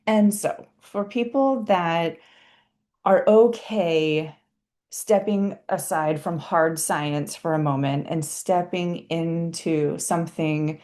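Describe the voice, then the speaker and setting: A woman teaching parents in a casual live online session, chatty and animated, often laughing as she explains. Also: fairly low pitch, slow pace. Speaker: parenting educator. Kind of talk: casual live webinar talk.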